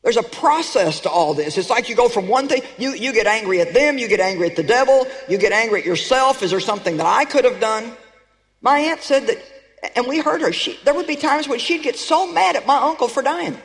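A woman's voice: fairly high pitch, expressive, brisk. A woman preacher giving an emphatic sermon, calling out to her audience with rhetorical questions. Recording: long reverb of a large hall.

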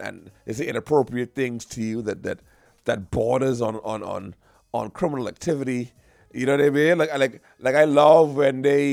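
A young man doing a stand-up comedy routine, animated and slangy, on a stage microphone. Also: mid-range voice, creaky, dry recording. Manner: animated, repetitive, slangy storytelling.

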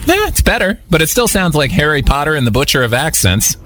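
A man's voice: a little high, big pitch swings, fast, bright, forceful tone, a little hiss or hum. A man hosting a comedic radio bit, teasing a caller in a playful, theatrical way. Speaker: radio host.

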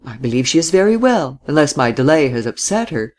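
A reader voicing a reserved, ironic young man who answers quietly and briefly. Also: mid-range voice, sing-song, a little fast. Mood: curt. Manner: quiet, terse.

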